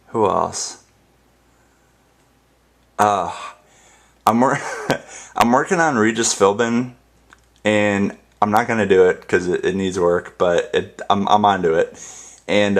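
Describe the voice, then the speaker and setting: Young guy, deep fry-heavy voice, loose rambling home vlog chat. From United States. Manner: rambling, many fillers and restarts. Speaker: ASMR vlogger. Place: apartment.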